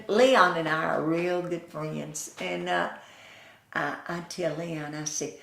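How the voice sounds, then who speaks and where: Slow, gravelly older Southern woman. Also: on the low side, fairly even intonation, echoey room. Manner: slow, folksy, chuckling storyteller who acts out quoted voices. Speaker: interviewee. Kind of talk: storytelling in an oral history interview.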